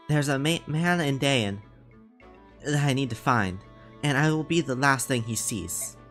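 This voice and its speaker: Streamer girl voicing a cocky bird warrior lady, low voice, scornful. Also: fairly bright tone. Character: proud female bird-tribe warrior, blunt and scornful. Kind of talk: reading game dialogue aloud.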